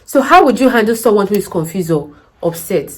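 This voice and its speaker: A woman's voice: mid-range voice, lively intonation, brisk, husky, rough recording. A woman, giving care job interview advice in a casual vlog. She tells stories, acts out the dialogue and asks emphatic questions.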